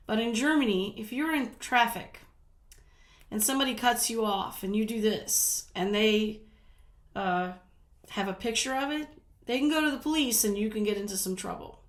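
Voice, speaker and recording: A woman's voice: on the high side, fairly bright tone. A woman from the American South telling rambling stories in a casual chat, laughing often. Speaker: vlogger. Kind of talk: casual storytelling. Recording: roomy echo.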